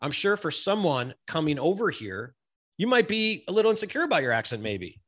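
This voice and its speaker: A man hosting a casual interview, chatty and quick to laugh, with slangy phrasing. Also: on the high side, big pitch swings, a bit bright. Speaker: host.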